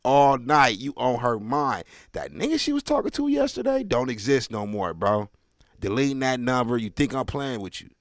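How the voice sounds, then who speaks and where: Loud animated man doing stand-up. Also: mid-range voice, normal speed, dry recording, clean studio sound. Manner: loud, animated, slangy street talk with crowd asides. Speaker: stand-up comedian. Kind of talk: stand-up comedy set.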